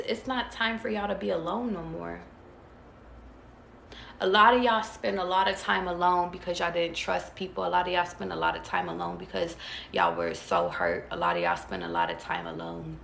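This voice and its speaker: With a lowish, slightly bright voice full of vocal fry, a woman tarot reader delivers a casual spiritual pep talk at a moderate pace. She's blunt and profane, leaning on repetition, and the echoey room adds a faint hiss.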